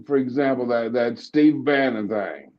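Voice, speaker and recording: A man's voice: mid-range voice, a little slow. Southern man, blunt, stammering co-host, dull lo-fi audio. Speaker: co-host, cartoonist. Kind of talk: casual political chat.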